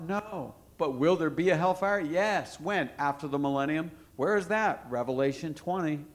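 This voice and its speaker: A man preaching a sermon to a congregation, emphatic, asking questions and answering them himself. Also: fairly high pitch.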